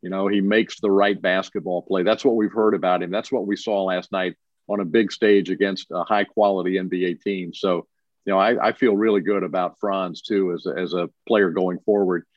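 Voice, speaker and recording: Low-voiced man on a dull remote line. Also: normal speed, no room sound. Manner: relaxed, repeats words when starting a thought. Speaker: basketball broadcaster. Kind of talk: casual sports radio chat.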